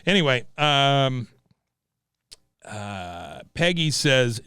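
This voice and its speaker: A man hosting a casual podcast, reading an ad and retelling an episode with lively quoted lines. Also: medium pitch, normal speed, clean tone, no echo, clean studio sound. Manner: animated recapping with acted quotes. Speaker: podcast host. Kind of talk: casual chat and ad read.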